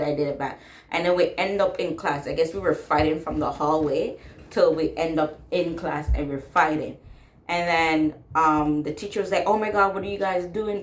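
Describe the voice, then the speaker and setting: A woman's voice: low voice, echoey room. A young woman casually telling a personal story, blunt and sassy, swearing freely and laughing as she talks.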